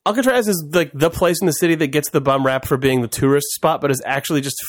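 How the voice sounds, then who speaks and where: A man co-hosting a podcast in casual chat, rambling and excitable, laughing often and swearing freely. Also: on the high side, quick pace, no room sound, clean studio sound. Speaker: podcast co-host.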